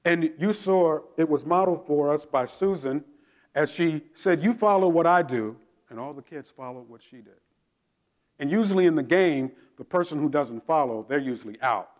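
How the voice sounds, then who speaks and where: A middle-aged male pastor preaching a sermon. He moves from a quiet prayer into lively storytelling and calls out loud military commands. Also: mid-range voice. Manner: prays softly, then tells stories with shouted drill commands.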